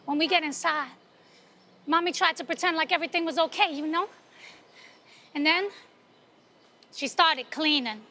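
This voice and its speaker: A woman's voice: sits high, normal speed, long pauses. A woman from Brooklyn, telling a solo monologue with streetwise energy and hosting a show outdoors. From Brooklyn, New York. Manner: streetwise, animated storytelling. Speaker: host and playwright. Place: outdoors in front of a cafe.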